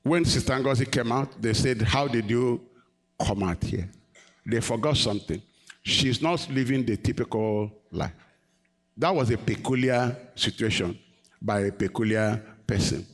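A man's voice: on the low side, moderate pace. A man preaching a sermon, questioning the congregation and rising to emphatic peaks. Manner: call-and-response, questioning the congregation.

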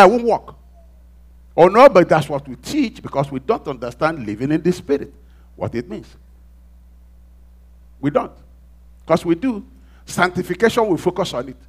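Animated male preacher with swinging dynamics. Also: a little high. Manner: dramatic, acts out quoted voices, swings from loud to hushed. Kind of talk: sermon.

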